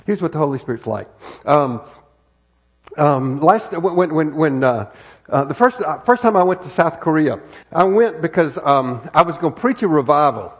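Husky, animated American preacher man. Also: fairly high pitch, moderate pace. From United States. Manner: conversational preaching with frequent rhetorical questions and repetitions. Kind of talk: sermon. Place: church sanctuary. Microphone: wireless microphone worn on body.

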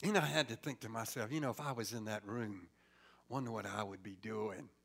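A man preaching a sermon, swinging from loud exclamations to hushed whispers. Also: on the low side, brisk, gravelly.

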